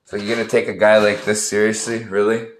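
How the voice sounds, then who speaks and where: A man's voice: on the low side, little pitch movement, brisk, a little hiss or hum. A man in his thirties ranting casually in a profane, rambling, sarcastic way. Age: 30s. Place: room in an apartment complex. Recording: echoey room.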